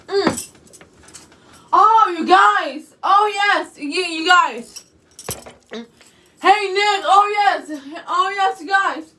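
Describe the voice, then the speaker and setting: A woman's voice: very high voice, drawn-out words, pauses often, pushed and bright, recorded from a distance. A young woman vlogging casually from her bedroom, rambling and repeating "you guys" over and over. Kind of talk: casual chat to camera.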